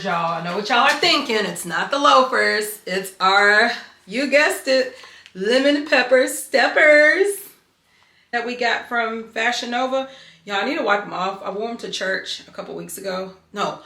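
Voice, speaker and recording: Woman vlogger, bright and chatty, speaks to camera in a roomy home office. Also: mid-range voice. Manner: chatty, animated, talks straight to viewers. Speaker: fashion and lifestyle vlogger. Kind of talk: casual chat to camera.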